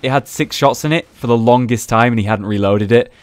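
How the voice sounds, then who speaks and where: A man's voice: medium pitch, a little fast, no room sound. A young man chatting casually over gameplay footage, recapping rounds and swearing freely. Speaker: gaming video host.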